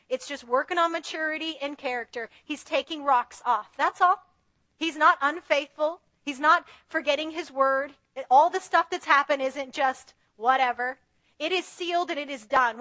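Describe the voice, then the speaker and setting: A woman's voice: sits high, pushed and bright, dry recording. A woman preaching an earnest, conversational sermon, acting out her own prayers to God.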